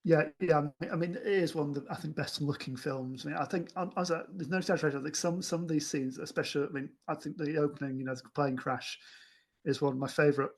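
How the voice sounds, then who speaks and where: A man co-hosting a casual film discussion podcast, speaking enthusiastically but haltingly, with many restarts and fillers. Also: fairly high pitch, steady tone. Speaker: podcast co-host.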